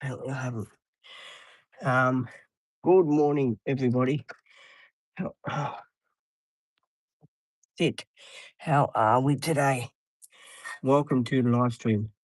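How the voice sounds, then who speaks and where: Man, 30s, rambling casual streamer, dry close sound, middle pitch. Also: takes it slowly, pauses often, dry recording, poor audio. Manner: rambling, repetitive, frequent ums and restarts. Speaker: live streamer. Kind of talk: casual live stream chat. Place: inside a parked van, dim light.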